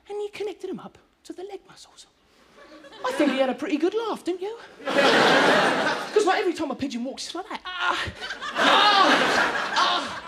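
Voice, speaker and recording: Rambling stand-up comic. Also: female voice, high-pitched. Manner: rambling, excitable, laughing at own jokes. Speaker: stand-up comedian. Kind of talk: stand-up comedy. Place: live TV studio with audience. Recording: noisy live studio with loud crowd.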